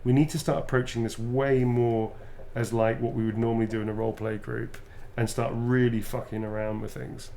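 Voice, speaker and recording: A man's voice: medium pitch, a little fast, vocal fry, few pauses, a little hiss or hum. A man chatting casually and swearing freely as he teases his co-player. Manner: animated, swears freely, teasing. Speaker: co-host and game player. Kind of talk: casual chat while signing notes.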